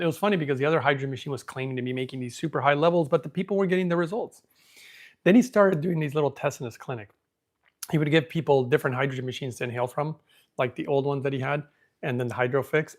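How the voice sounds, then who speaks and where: Rambling male podcast host storytelling. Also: medium pitch. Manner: rambling, thinks out loud, becomes emotional. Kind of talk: casual storytelling monologue.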